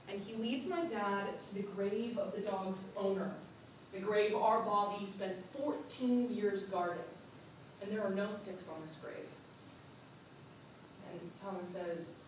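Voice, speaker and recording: A young woman performing a playful, animated storytelling monologue on stage, laughing often. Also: mid-range voice, a little slow, noisy background. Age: young adult. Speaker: student performer. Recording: echoey hall from far off.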